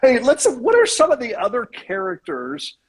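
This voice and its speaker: A male radio host with a high, husky voice interviews a guest. He is chummy and effusive, piling on praise between questions. The tone stays casual throughout. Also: sing-song, normal speed.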